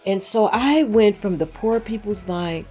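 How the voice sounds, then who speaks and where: A woman's voice: medium pitch, unhurried, soft background music. A woman hosting her own channel, telling a story casually and acting out the dialogue, with emphatic asides to the viewers. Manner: animated retelling with quoted dialogue. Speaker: channel host.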